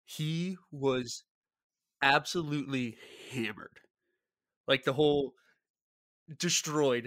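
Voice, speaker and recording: A man's voice: mid-range voice, bright, forceful tone, no echo, studio quality. A man co-hosting a podcast, chatting casually about football and correcting himself as he goes. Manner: rambling, self-correcting. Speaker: podcast co-host. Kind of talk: casual sports chat.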